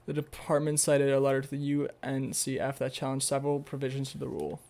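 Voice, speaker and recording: A man's voice: medium pitch, completely flat delivery, fast, gravelly, darkish tone. A young man on a casual livestream, reading an article aloud with stumbles and rambling, sarcastic asides full of swearing. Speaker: streamer.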